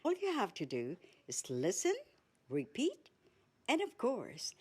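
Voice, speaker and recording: A woman with a Filipino accent presenting a basic language lesson, saying each word slowly and repeating it. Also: mid-range voice, wildly swooping pitch. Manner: slow, careful, repeats each word twice. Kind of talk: slow scripted language lesson.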